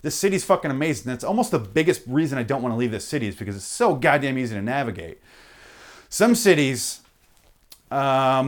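Swearing, ranting male comedy host. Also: mid-range voice. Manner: profane, animated ranting with frequent self-interruptions. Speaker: podcast host. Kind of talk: comedic rant.

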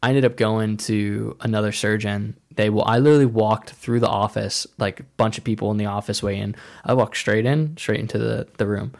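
Gravelly, low-voiced man telling a story. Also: steady tone, a little fast, hardly any pauses, darkish tone. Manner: rambling, heavy use of "like", acts out quoted dialogue. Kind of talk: casual personal storytelling.

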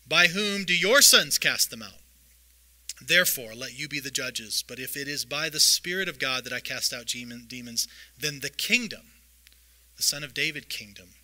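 A man preaching a sermon, reading scripture aloud and retelling the stories in a lively way. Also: fairly high pitch, poor audio. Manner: lively storytelling, reads scripture aloud with voiced asides. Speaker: pastor.

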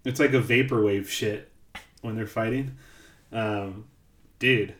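A man's voice: lowish voice, fairly even intonation, slow, a bit bright. A man co-hosting a podcast, talking casually in a laid-back, easygoing way. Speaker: podcast co-host. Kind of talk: casual chat. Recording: roomy echo.

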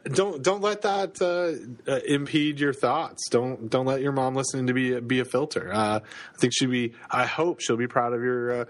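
A Canadian-accented man in his thirties co-hosts a podcast, chatting casually at a normal speed in a mid-range voice. His speech is full of fillers and restarts.

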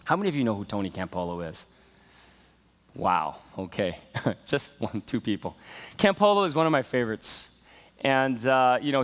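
A man's voice: mid-range voice, a bit bright. A man preaching a sermon, telling a story in a conversational way, with many fillers and questions to the congregation. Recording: reverberant hall sound.

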